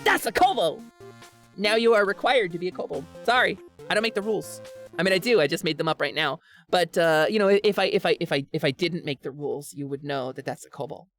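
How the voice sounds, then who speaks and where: A woman's voice: lowish voice, quick pace, fairly bright tone, soft background music. A young woman chatting playfully while streaming a game, giggling and slipping into goofy in-character bits. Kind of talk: casual chat while gaming.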